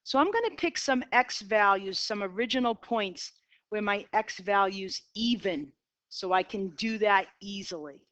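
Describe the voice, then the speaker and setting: A woman's voice: medium pitch, lively intonation, unhurried, a bit bright, no room sound. A middle-aged woman with a Boston accent teaching a math class, talking herself through graph sketches in an upbeat way. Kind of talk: classroom lecture. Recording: dull lo-fi, dry.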